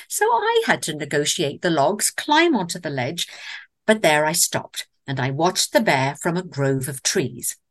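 A woman with an English accent telling a comic story in a theatrical way, with wry asides. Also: on the low side. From England.

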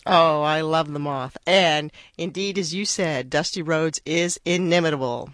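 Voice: medium pitch, a little slow, few pauses, a bit bright, no room sound. A chatty, enthusiastic host of a storytelling radio show.

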